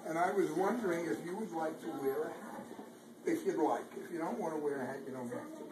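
A man's voice: on the high side, a little fast. A man reading a picture book aloud to small children in a preschool classroom, quizzing them and encouraging their answers. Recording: roomy, distant, noisy classroom sound.

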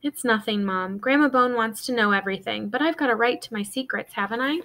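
An earnest young boy, as a woman reads his lines in a raised, youthful pitch. He sounds defensive and sincere about keeping his secret. It comes from a storybook read aloud. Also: a little fast, a bit bright.

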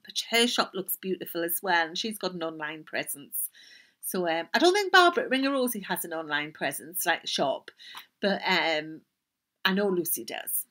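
An older woman speaks with a Geordie accent and a bright, forward tone, chatting her way through a knitting podcast. She rambles off on tangents and often slips into quiet, murmured asides. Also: on the low side, big pitch swings, moderate pace. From North East England. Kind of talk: casual chat.

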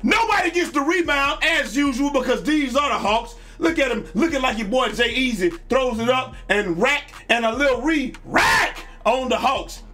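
A man hosting a video channel, giving hyped, slangy commentary over basketball highlights and shouting out the big plays. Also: expressive, moderate pace, hardly any pauses, soft background music. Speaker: YouTube host and streamer.

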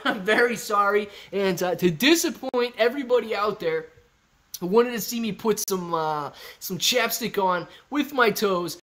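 Reading chat on his casual live stream, a man with a slightly bright voice that sits high trades playful banter with the viewers who comment.

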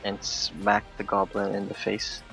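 A man's voice: lowish voice, completely flat delivery, a little slow, gravelly, over music, poor audio. A man playing a tabletop game, muttering to himself while he checks the rules. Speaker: player. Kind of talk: casual tabletop game chat.

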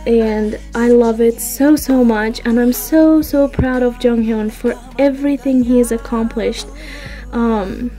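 A woman's voice: on the high side, warm tone, low-quality recording. A young woman vlogging an album unboxing, gushing with breathless fan exclamations. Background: faint background music.

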